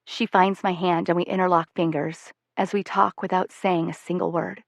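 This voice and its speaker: A woman reads a first-person audiobook in a measured, soft-spoken way. Her voice sits a little low for a woman. The sound is dry and close to the mic, with no room around it. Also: flat delivery, vocal fry, dry recording. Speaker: audiobook narrator.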